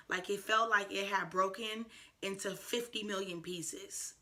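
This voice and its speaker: A woman in her twenties talking to camera in a personal vlog, soft, reflective and earnest, with frequent fillers. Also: medium pitch, fairly even intonation, a little slow. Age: 20s. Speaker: vlogger.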